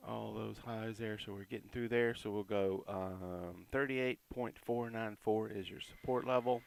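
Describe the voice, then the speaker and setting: A man talks through crypto price charts in a relaxed, chatty way, reeling off support and resistance numbers between quick asides. His voice has a gravelly, fry-edged grain. The recording is dry and close, with no room sound. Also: on the low side, dry recording. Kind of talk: casual market commentary over charts.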